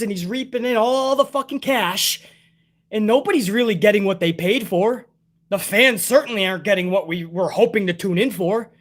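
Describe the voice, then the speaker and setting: A man reviewing a wrestling show in a casual, profane, exasperated rant full of sarcasm. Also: very high-pitched.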